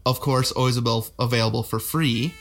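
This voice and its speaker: A man's voice: mid-range voice, fairly even intonation, a little fast. A young man co-hosting a podcast in a casual, jokey chat, laughing easily. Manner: easygoing, jokey, laughs often. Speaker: podcast co-host.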